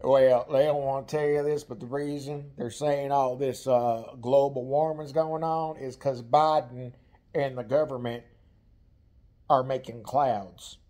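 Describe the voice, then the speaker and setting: A cussing, red-hot Southern trucker rants at full volume, spitting threats in a thick drawl, as a man imitates his brother. The voice runs louder than his own and drags out its words. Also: medium pitch, fairly even intonation, a little slow, natural voice. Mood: conspiratorial. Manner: profane, ranting, shouting threats.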